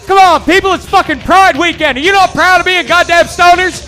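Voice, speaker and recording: A man announcing a comedy show and hyping the crowd, loud and crude. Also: very high voice, fairly even intonation, brisk, faint music behind.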